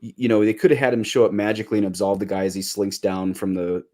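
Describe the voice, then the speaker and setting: A man co-hosting a podcast in casual chat, animated, making quick asides and mock-quoting others. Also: on the low side.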